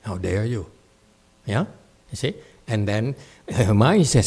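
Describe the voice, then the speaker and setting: A man with a fairly low voice leads a meditation question-and-answer session. He keeps it casual and playful and laughs often, then turns earnest as he gives his advice. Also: animated, moderate pace, pauses often, a little mellow, breathy edge. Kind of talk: casual Q&A talk. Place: temple hall.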